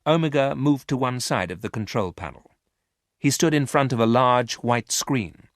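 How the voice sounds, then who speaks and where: A man giving a clear, expressive scripted audiobook narration. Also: medium pitch, normal speed, dry recording, clean studio sound.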